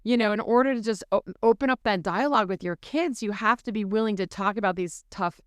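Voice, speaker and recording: Woman, podcast co-host, smooth clear voice, animated storyteller, dry close mic. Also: mid-range voice, fast talker, no echo. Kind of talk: casual faith podcast chat.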